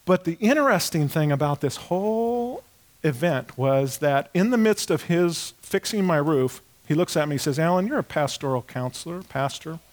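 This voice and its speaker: A middle-aged male pastor giving a sermon, telling a personal story with animated delivery and acting out voices. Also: a little high, normal speed.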